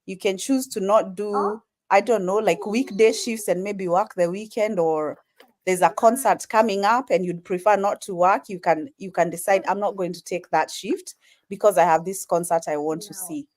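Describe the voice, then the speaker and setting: A woman on a group call, explaining her point in a relaxed, rambling way. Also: mid-range voice, moderate pace. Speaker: group member. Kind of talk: casual group chat.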